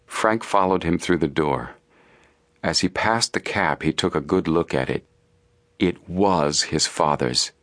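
A man narrating a storybook in a steady, measured way. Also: very deep voice, no echo. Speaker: audiobook narrator. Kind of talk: scripted narration.

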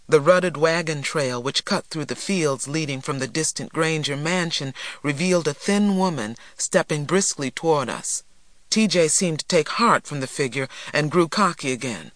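A man narrating a storybook in a steady, measured way. His voice sits a little high for a man, recorded close and dry. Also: no room sound. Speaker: reader.

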